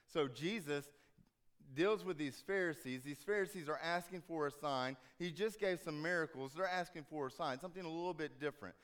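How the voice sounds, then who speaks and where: Smooth-voiced man preaching conversationally. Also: medium pitch. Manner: conversational, animated storytelling, acts out quoted dialogue. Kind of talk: sermon.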